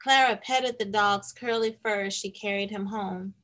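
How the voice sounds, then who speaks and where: A woman host reading a picture book aloud to young children, animated and teacherly. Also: medium pitch, moderate pace. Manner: animated, warm teacherly storytelling.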